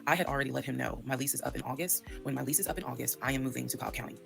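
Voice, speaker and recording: Woman, storytime monologue, candid and profane, acts out quotes, rapid delivery. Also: a bass voice, gravelly, music in the background.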